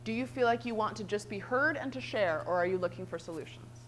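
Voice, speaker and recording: A woman trainer presenting a workshop, lively and animated, often checking in with "right?". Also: mid-range voice, fast talker, slight background noise.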